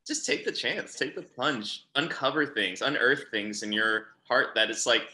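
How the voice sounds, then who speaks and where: Speaking a little slowly in an expressive, sharp mid-range voice, this co-host of a youth ministry podcast joins a casual conversation. Echoey room sound surrounds his earnest, urgent delivery, and he repeats phrases to drive points home.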